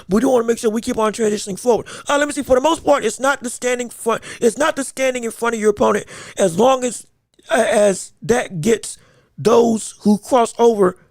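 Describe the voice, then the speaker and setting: A man hosting a casual boxing podcast. He talks in an animated way, laughs a lot and often repeats his words. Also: very high voice, no room sound, studio quality. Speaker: podcast host.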